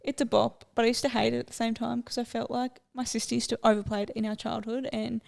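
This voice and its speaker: A young woman co-hosts a podcast in a loose, chatty way, drifting from one topic to another. Her voice sits a little high and carries a steady gravelly fry. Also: fast talker. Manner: chatty, rambling, easily sidetracked. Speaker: podcast co-host. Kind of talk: casual chat.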